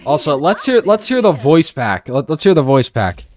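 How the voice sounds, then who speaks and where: A man's voice: a little high, very animated, normal speed, background noise. A young man giving casual, sarcastic gameplay commentary, joking and trash-talking his teammates. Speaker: gaming streamer.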